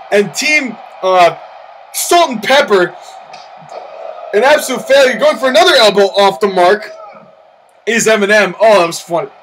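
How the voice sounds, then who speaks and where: Man, very high voice, bright and forceful, shouty wrestling play-by-play, faint background noise. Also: animated, normal speed, long pauses, rough recording. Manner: loud, shouting outbursts, incredulous exclamations. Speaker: commentator of a simulated wrestling match. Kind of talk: excitable play-by-play commentary with in-character promo rants.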